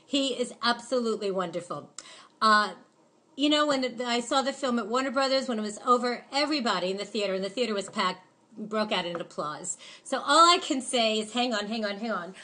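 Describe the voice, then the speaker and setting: A woman's voice: on the high side, animated, fairly quick, bright, forceful tone, slight background noise. A chatty woman hosting a casual film review, rambling with many fillers and gushing with enthusiasm. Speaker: film reviewer, show host.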